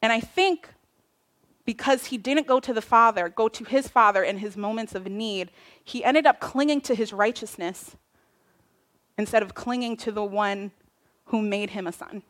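A woman preacher giving a casual, animated sermon, retelling a parable with slang. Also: fairly high pitch. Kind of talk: conversational sermon.

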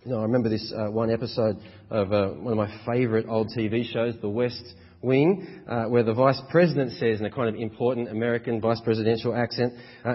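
A pastor preaches a sermon with emphatic, rhythmic repetition, his medium-pitched voice steady in tone and fairly quick. He's in a church hall, and the recording sounds dull and echoey.

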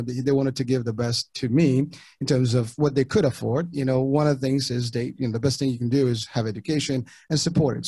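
A middle-aged man from Morocco, whose first languages were French and Arabic, talking casually as an interview guest in halting sentences with many restarts. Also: mid-range voice, a little mellow, no room sound. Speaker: podcast guest.

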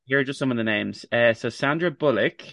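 A woman co-hosting a podcast in casual chat, teasing and lively. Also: very deep voice, brisk, no echo, clean studio sound. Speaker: podcast co-host.

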